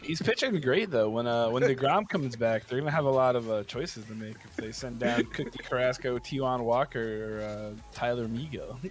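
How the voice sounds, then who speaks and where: A man's voice: medium pitch, moderate pace, hardly any pauses, soft background music. A man co-hosting the sports segment of a morning show, casual and wisecracking. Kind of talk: casual banter.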